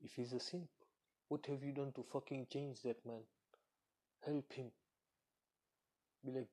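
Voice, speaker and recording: Brief: man, mid pitch, slightly husky, blunt swearing monologue. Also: fairly even intonation, normal speed, long pauses, dark tone. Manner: blunt, profane, ranting; acts out quoted voices. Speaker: commentator. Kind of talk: casual monologue.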